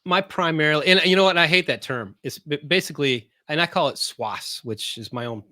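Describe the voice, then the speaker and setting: Bright, halting man on a podcast. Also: on the high side, dry recording, clean studio sound. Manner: halting, many fillers and restarts; explains in plain, loose terms. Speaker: podcast guest, marketing business owner. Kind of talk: casual podcast chat.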